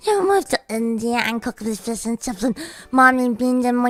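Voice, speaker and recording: Hoarse, giggly woman streamer. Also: on the high side, normal speed. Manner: animated, giggly and foul-mouthed. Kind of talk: casual chat to viewers.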